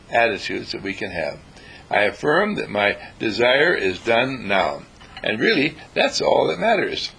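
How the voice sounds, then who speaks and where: Husky animated man giving a motivational talk. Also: medium pitch, poor audio. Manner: animated, acts out little dialogues in changing voices. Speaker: inspirational speaker.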